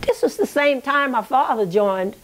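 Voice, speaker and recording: A woman's voice: high voice, lively intonation, moderate pace, slight background noise. Reflective woman telling a family story. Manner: reflective, digressive, with frequent "you know" and "okay?". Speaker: interviewee recounting family history. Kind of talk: oral history storytelling.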